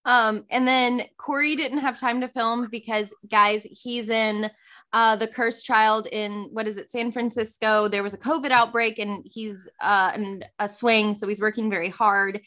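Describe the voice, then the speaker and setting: Bright-voiced chatty woman host. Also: a little high, steady tone, unhurried. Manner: giggly, chatty, lots of fillers. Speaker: podcast host. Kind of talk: casual chat.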